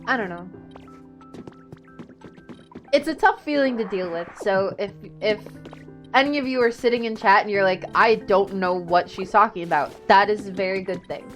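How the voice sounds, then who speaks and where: A woman's voice: medium pitch, normal speed, pauses often, soft background music. A woman streamer in casual livestream chat while playing a game, hesitant and trailing off as she reflects.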